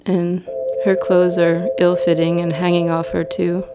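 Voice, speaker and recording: A woman telling a personal story in a slow, reflective, dreamy way. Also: lowish voice, completely flat delivery, heavy background noise. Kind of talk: personal story told to an audience. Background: loud music.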